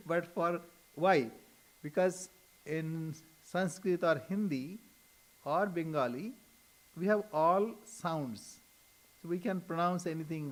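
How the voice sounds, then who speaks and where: An older man with an Indian accent, a swami answering questions in a gentle, unhurried talk with frequent soft chuckles. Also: fairly high pitch. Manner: slow, gentle, chuckling often. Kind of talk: informal spiritual talk with questions.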